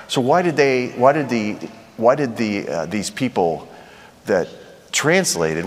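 A man's voice: lowish voice, long reverb tail. A man preaching a sermon in a conversational way, asking the crowd rhetorical questions.

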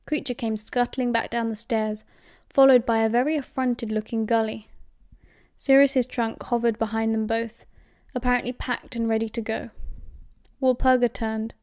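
Mellow British woman reading aloud. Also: on the high side, flat delivery, normal speed, dry recording, clean studio sound. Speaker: audiobook reader. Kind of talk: fan audiobook narration.

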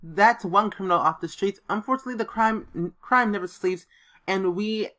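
A woman's voice: medium pitch, moderate pace, a bit bright. A woman casually commenting on a life-simulation game as she plays, reading options aloud and playfully voicing the characters. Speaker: let's play host. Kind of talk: gaming commentary.

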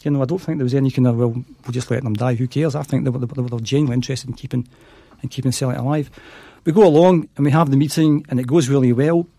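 A man's voice: medium pitch, fairly even intonation, very fast, warm tone, no room sound. A middle-aged Scottish man, a podcast guest, telling stories and acting out the dialogue in them. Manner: acts out quoted dialogue in his stories. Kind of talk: anecdotal storytelling.

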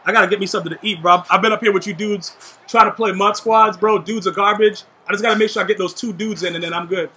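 Young dude yelling and trash talking over a football game, really high bright voice. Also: male voice, steady tone, fast talker. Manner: trash-talking, hyped, shouts at teammates. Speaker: gaming YouTuber. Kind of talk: live gameplay commentary.

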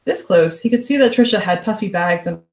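A woman author reading her fiction aloud with steady, even narration. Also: on the low side, a little fast, roomy sound, distant mic, rough recording. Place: virtual book club event.

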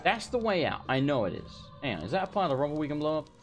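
A man's voice: on the high side, very animated, racing. A young man streaming a blind let's play, talking to himself as he gets lost and frustrated, swearing often. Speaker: gaming streamer. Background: game music.

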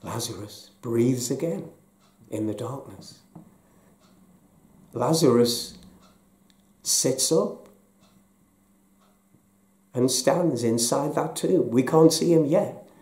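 Slow, soft-spoken pastor in an echoey room. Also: male voice, mid-range voice. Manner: slow, soft-spoken, dropping to near whispers. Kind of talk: sermon.

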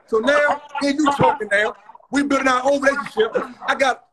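A man hosting a heated live stream argument, keeps cutting in to calm people down. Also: very high voice, brisk, background noise. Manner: keeps cutting in, repeating hold on and listen. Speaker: live stream host and promoter.

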